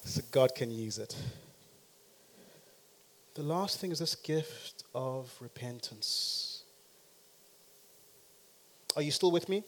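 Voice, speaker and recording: A man preaching a sermon who talks straight to the congregation and swings from quiet to loud and emphatic. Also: mid-range voice, expressive, takes it slowly, pauses often.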